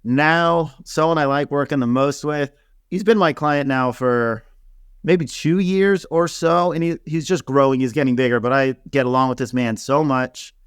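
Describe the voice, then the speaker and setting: A man, a hairstylist guest in an interview, telling casual stories with an animated, chatty manner and lots of filler words. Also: mid-range voice, moderate pace, clear, resonant tone, no echo, clean studio sound. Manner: animated, laughing storyteller with many fillers.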